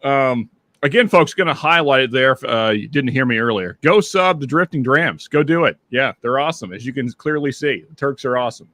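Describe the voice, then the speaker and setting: A man's voice: medium pitch, expressive, fairly bright tone, no room sound. A man hosting a livestream in casual chat, greeting viewers by name, with a slightly stuffy nose. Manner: chatty, reads out viewer names with quick greetings. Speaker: livestream host.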